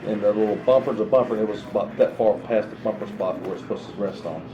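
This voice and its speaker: A man's voice: fairly low pitch, fast talker, highs cut off, crowd noise. A man working as a mechanic, rambling loosely as he explains repairs to a customer. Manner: rambling, loose shop talk. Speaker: auto mechanic.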